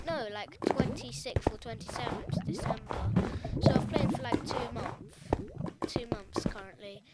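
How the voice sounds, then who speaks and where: A high-pitched woman with a British accent talks loosely into the camera for her gaming vlog, wandering from point to point and stopping to fix her own numbers. Her voice sits under a heavy layer of loud background noise. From United Kingdom. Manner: rambling, hesitant, self-correcting with many ums. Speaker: YouTuber. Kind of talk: casual gaming vlog chat.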